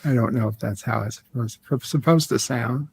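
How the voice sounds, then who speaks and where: Deadpan joking man in casual chat. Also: medium pitch, normal speed, gravelly, slight background noise. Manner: deadpan mock-sinister joking. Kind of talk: casual live-stream chat.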